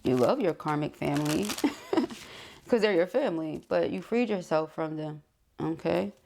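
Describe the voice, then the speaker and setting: A woman reads tarot in a low, gravelly voice with lots of vocal fry. She talks fast and eagerly, sometimes tripping over herself and laughing it off. The feel is casual and chatty. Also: expressive, darkish tone, a little hiss or hum. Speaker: tarot reader.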